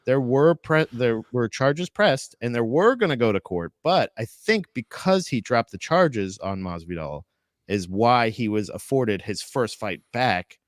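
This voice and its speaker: A man co-hosting a casual podcast chat, rambling with many restarts and quick asides. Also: mid-range voice, animated, dry recording, clean studio sound. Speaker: podcast co-host.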